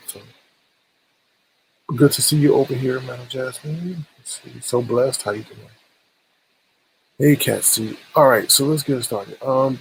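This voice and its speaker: A livestream host, a man, chats casually and greets his viewers one by one. His voice goes through a swooshing voice modulator and carries a strong gravelly fry. A faint hiss sits under it. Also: mid-range voice, rough recording. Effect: voice modulator with a swooshing sound.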